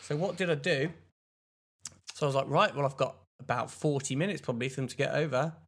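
A man's voice: mid-range voice, fast, fairly bright tone, husky. A young English man on a casual podcast, telling a rambling story and mimicking other people's voices as he goes. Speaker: podcast co-host. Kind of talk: casual chat.

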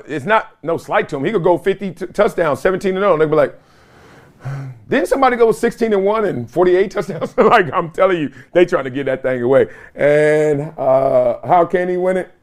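Lively, animated sports podcast man. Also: a little high. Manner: animated, slangy, laughs often, mimics others in quotes. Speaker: podcast host. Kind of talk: casual sports commentary.

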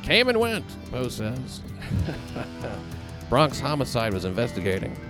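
Quipping male podcast host, lively delivery. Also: mid-range voice, a little slow, over music. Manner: jokey, deadpan quips with lively intonation. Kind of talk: comedic podcast chat.

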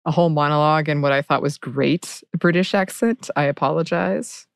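Woman podcast host, easygoing chat, lots of laughs and murmurs, lowish pitch, dry sound. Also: brisk, gravelly, no echo. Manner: warm-humored, lots of affirming murmurs. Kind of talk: casual chat.

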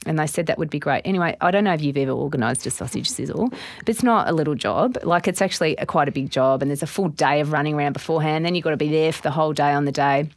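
A middle-aged Australian business owner, appearing as a guest in a casual interview, tells animated stories and voices her own thoughts as quoted inner monologue. She speaks fast in a low voice, in a dry recording.

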